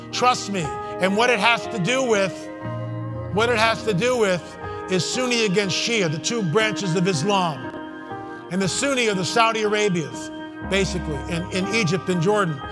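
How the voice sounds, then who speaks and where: Man, fervent conference speaker, emphatic, high voice, long hall reverb. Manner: fervent, emphatic, with many asides and restarts. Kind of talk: impassioned stage talk.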